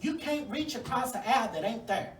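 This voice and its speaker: A woman's voice: on the high side, animated, a little fast, far from the mic, slight background noise. A woman, a congressional candidate giving a sassy, folksy, fired-up campaign speech at a forum. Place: venue hall at a forum. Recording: echoey room, mic from afar.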